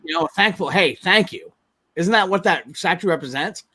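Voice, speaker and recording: A man's voice: sits high, lively intonation, moderate pace, sharp tone, husky. A man co-hosting a casual podcast, rambling and asking questions with hesitant restarts. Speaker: podcast co-host. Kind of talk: casual chat.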